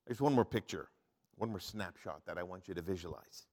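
A male pastor preaching a sermon in an animated way, often asking the congregation questions. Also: deep voice, fairly quick.

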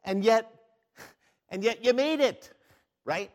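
Male pastor, sermon delivery, animated, rhetorical, slightly higher voice. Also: slow. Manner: animated, rhetorical questions to the congregation.

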